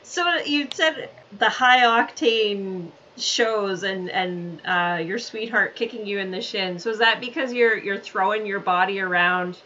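A woman hosts a casual interview with a bright, forceful voice and asks friendly, curious questions. Her recording sounds dull and lo-fi, with a faint hiss of background noise behind her. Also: mid-range voice, measured pace, few pauses.

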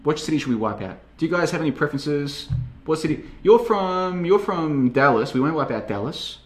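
A man's voice: on the high side, expressive, fairly quick, pitched above the performer's own voice, lightly acted. A man voicing a breezy, overly casual American president in a comedic retelling, chummy and glib.

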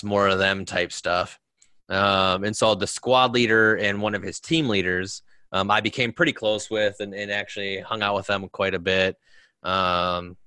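A man's voice: on the low side, sharp tone, dry recording. A man, a military veteran guest, telling stories in casual conversation with many fillers.

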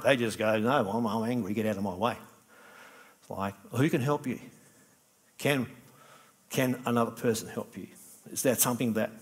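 Conversational pastor preaching. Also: male voice, medium pitch. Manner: animated, acts out little dialogues, conversational preaching. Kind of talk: sermon.

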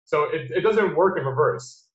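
A man's voice: a little high, expressive, moderate pace. An American man hosting a podcast, chatting casually and bluntly, swearing freely and laughing easily. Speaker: podcast host. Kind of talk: casual chat. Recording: roomy, dull lo-fi sound.

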